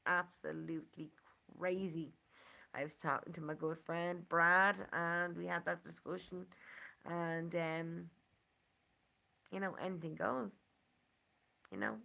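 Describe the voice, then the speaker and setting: An Irish woman with a Dublin accent speaks in an unhurried, earnest monologue. Her voice sits a little low and has a gravelly fry to it. She leans on "you know" again and again as she talks. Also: bright, forceful tone. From Ireland. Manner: earnest, repeats 'you know' often. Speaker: community member speaking to a channel. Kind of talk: casual monologue.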